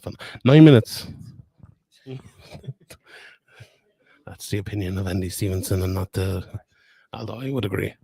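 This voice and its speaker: A man's voice: sits low, steady tone, moderate pace, gravelly, long pauses, dark tone, slightly rough. A young man with a Limerick Irish accent, rambling and laughing as he hosts a casual live stream from a fight weigh-in. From Ireland. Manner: rambling, chatty, laughs often. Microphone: phone camera.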